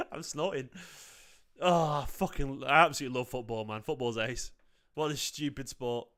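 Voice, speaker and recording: A man's voice: medium pitch, a little fast, a bit bright, clean tone. A young man hosts a live football watchalong, chatty and prone to laughing fits. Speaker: football fan channel host. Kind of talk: live match watchalong commentary.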